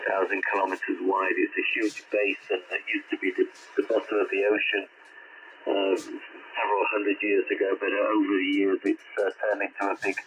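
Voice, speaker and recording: Ham operator, male, low and flat delivery, muffled radio audio with a faint hiss. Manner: measured, halting with fillers. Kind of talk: casual radio contact chat.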